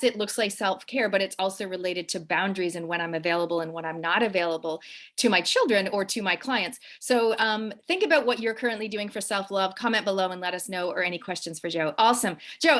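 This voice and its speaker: A woman's voice: medium pitch, a bit bright. A woman in her late forties with a Canadian accent, hosting a casual, upbeat livestream interview over a video call. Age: late 40s. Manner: upbeat, chatty, quick. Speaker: host.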